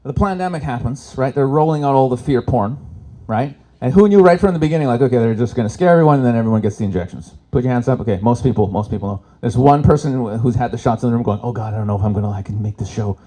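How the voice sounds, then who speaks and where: A Canadian man performs stand-up on an expo stage before a live audience, telling animated stories and doing character voices. His pitch is medium, and he talks fast with few pauses.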